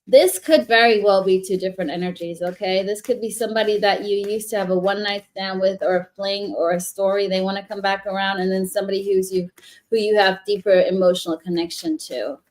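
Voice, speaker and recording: A woman's voice: medium pitch, steady tone, a little fast, darkish tone. A woman giving a casual live tarot reading, chatty and rambling, often restarting her sentences. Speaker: tarot reader.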